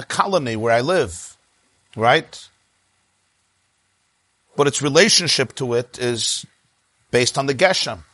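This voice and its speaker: A man's voice: mid-range voice, no room sound. A man teaching a religious class, telling stories and stammering now and then as he explains. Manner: lively storyteller, stammers on restarts. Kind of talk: religious class lecture with anecdotes.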